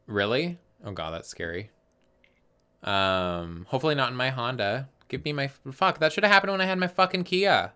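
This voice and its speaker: Bright, clear-voiced young man telling stories. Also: mid-range voice, normal speed. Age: 20s. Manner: animated storytelling, swears freely. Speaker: podcast co-host. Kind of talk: casual chat.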